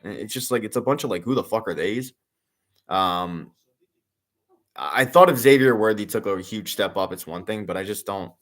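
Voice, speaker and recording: A man's voice: fairly low pitch, normal speed. A young man casually chatting and reacting during a live sports watch-along, rambling with lots of fillers and the odd curse. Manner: rambling, filler-heavy, excitable sports fan, swears. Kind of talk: casual live commentary and chat.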